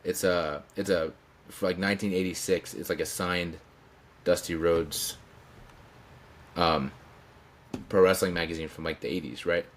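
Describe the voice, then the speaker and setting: Deep-voiced man rambling through stories. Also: steady tone, unhurried, pauses often, slight background noise. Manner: rambling, with restarts and chuckles. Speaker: channel host telling stories. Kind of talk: casual storytelling tribute. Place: indoors, his room.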